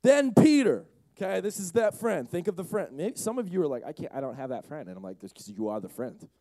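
A young man preaching a lively youth sermon, shouting and acting out the characters of the story. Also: fairly high pitch, fairly quick, no room sound. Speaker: youth pastor.

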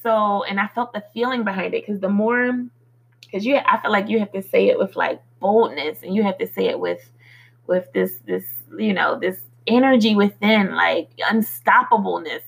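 A woman hosting a motivational podcast, who recites affirmations slowly and earnestly, then talks in a chatty way with fillers. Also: mid-range voice, gravelly, husky, poor audio. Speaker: podcast host.

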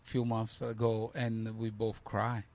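Gravelly man telling a story animatedly. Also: fairly low pitch, slow pace, no echo. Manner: animated storytelling, acting out voices, broken English. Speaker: podcast guest, ultrarunner. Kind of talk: casual interview chat.

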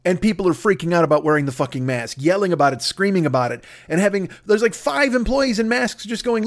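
A man hosting his own comedy podcast, rattling off a profane, rambling rant at a rapid clip. His voice sits somewhat high for a man. He sounds exasperated as he swears his way through each tangent. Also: expressive. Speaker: podcast host.

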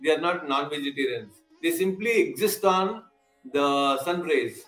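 Male spiritual teacher with a slightly high voice, lecturing on scripture and quizzing listeners. Echoey room, faint sitar music behind. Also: expressive, measured pace, a bit bright. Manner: explanatory, quizzes listeners, repeats key terms.

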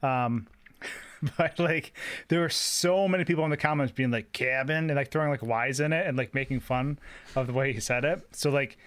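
A man's voice: mid-range voice, normal speed, a bit bright. A man from Canada, a horror channel creator, chatting on a podcast with dry jokes. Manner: dry joking, storytelling. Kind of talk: casual chat.

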